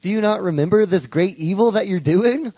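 A blunt, bold prophet , voiced by a man telling a Bible story. The voice sits a little high and mellow, close and dry. The phrasing is casual and modern, full of quick restarts. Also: breathy edge, no room sound, lo-fi sound. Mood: challenging.

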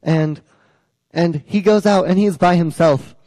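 Mellow-voiced young man preaching. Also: high-pitched, a little slow, dry recording, in a large hall, poor audio. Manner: retells scripture in a casual storytelling way. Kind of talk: scripture reading and sermon.

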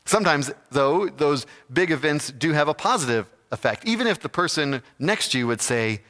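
A man giving a slow, reflective, sermon-like talk with pauses. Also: fairly high pitch, lively intonation, pushed and bright, long reverb tail.

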